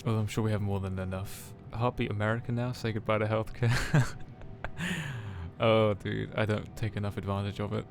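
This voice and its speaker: A man's voice: fairly low pitch, little pitch movement, normal speed, gravelly, faint music behind. A man streaming a game, chatting casually in a sweary, joking way. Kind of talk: casual gameplay commentary.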